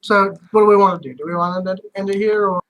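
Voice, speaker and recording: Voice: mid-range voice, fairly even intonation, racing, a bit bright, low-quality recording. A laid-back game master running a tabletop game with friends. The talk is loose and chatty, with many fillers and frequent laughs.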